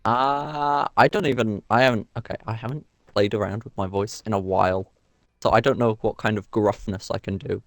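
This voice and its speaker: A man chatting on a game stream, halting and self-deprecating as he rambles through explanations. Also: fairly low pitch, fairly even intonation, dry recording, studio quality. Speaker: co-player on stream. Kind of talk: casual gaming chat.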